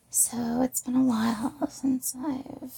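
Young woman with a northern English accent, slow and giggly, husky with a gravelly edge. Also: high voice, warm tone, a little hiss or hum. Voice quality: breathy, husky. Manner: giggly, self-mocking, slow and drawn out. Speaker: audio content creator. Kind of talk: casual chat, often whispered.

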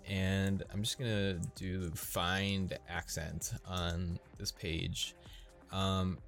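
A Midwestern man with a fairly low voice and a Midwestern American accent hosts a podcast, rambling casually. His speech halts often with many restarts, and he laughs frequently.

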